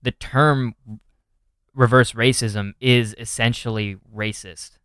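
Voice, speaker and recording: A man's voice: medium pitch, steady tone, slow pace, a bit bright, clear, resonant tone, dry recording, clean studio sound. A young man co-hosting a casual chat, rambling with lots of fillers and restarts. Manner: rambling, filler-heavy, trails off mid-sentence. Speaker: podcast co-host.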